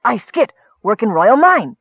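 A man voicing an excited young male gully dwarf miner who talks breathlessly in broken sentences. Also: extremely high pitch, measured pace, slightly rough, dry recording, phone-quality sound, pitched above the performer's own voice, full character voice.

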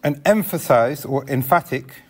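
A man's voice: medium pitch, a little slow, breathy edge. A man teaching a classroom lesson on Islamic law, explaining step by step and asking the class questions.

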